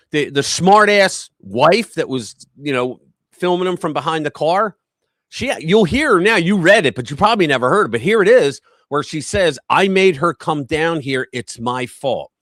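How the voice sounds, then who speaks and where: A male live-stream host breaks down the news in a blunt, heated, profane way. His pitch sits high and swings widely. The sound is close and dry, with no room echo. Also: a bit bright.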